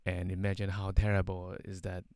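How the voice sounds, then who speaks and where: A man's voice: low voice, completely flat delivery, a little fast, gravelly, darkish tone, smooth, dry recording. A man telling a casual anecdote, rambling with many fillers and tag questions. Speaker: storyteller.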